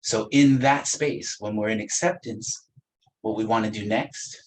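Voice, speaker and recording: A man teaching a spiritual practice in a gentle, unhurried way, with playful asides and frequent soft laughs. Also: fairly low pitch, a little hiss or hum, low-quality recording. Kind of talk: reflective spiritual talk.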